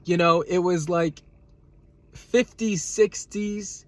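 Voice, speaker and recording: A man with a slightly higher voice rants about a run-in on the road. He swears a lot, goes back over the same points, and his pitch shoots up whenever the anger comes back. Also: steady tone, slow pace, dry recording. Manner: profane, heated, repeats himself, voice jumps up when upset. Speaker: vlogger. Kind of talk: angry storytime rant. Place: at home, eating a salad.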